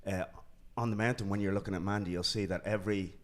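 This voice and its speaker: A man guest telling a story in an interview, halting with restarts and growing animated as he retells it. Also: lowish voice. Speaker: filmmaker guest.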